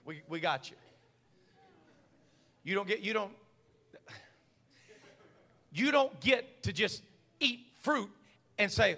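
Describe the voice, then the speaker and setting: A man preaching a sermon, folksy and stammering, swinging from quiet asides to fiery shouts. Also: sits high, sing-song, slow pace, pauses often.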